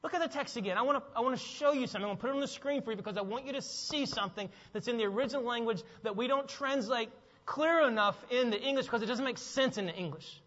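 A man with a very high, bright and forceful voice preaches an emphatic sermon, repeating his phrases and questioning the congregation. His voice rings with long reverb through a church sanctuary. The sound is a little dull. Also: quick pace, few pauses. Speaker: pastor.

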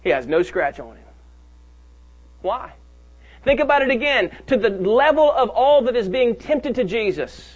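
A male pastor preaching a sermon to his congregation. He leans hard on key phrases and draws them out slowly. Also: very high voice, very animated, low-quality recording. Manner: preaches with rising emphasis and slow, drawn-out key phrases. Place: church sanctuary.

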